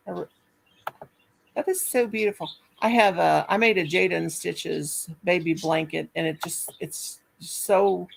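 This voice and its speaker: A woman's voice: on the low side, gravelly, a little hiss or hum, poor audio. An older woman hosting a livestream, talking in a chatty, affectionate and scattered way. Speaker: livestream host. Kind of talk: casual chat.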